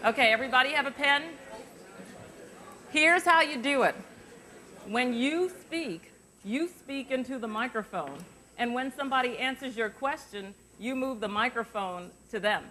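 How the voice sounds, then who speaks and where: A middle-aged woman, a journalist, teaching an interview workshop to students through a lapel mic, chatty and lively, drawing the room in with questions. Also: high voice, moderate pace. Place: university forum hall. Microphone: lavalier.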